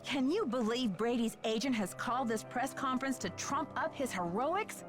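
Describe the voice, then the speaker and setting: A plucky young girl detective, voiced by a woman in a mystery game, brisk, confident and a little sharp-tongued. Her voice sits fairly high, with faint music under it. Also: natural voice. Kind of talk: video game voice acting.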